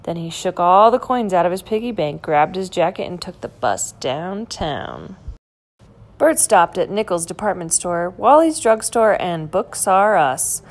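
A woman reading a children's picture book aloud in a gentle, clear storytelling manner. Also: on the low side, animated, moderate pace. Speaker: storybook reader.

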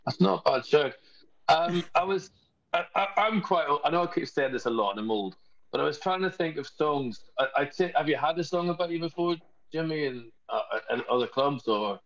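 A man's voice: on the high side, animated, brisk. A man from Northern Ireland with a Northern Irish accent, hosting a podcast and making self-deprecating jokes in casual chat. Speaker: podcast host. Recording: dull lo-fi sound.

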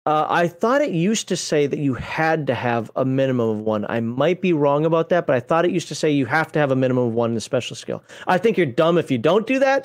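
A game master talks through a game's rules in an easygoing livestream chat. The delivery wanders, doubles back to fix details and drops offhand jokes along the way. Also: mid-range voice. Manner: rambling, self-correcting, conversational; folksy, jokey asides. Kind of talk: casual livestream rules walkthrough.

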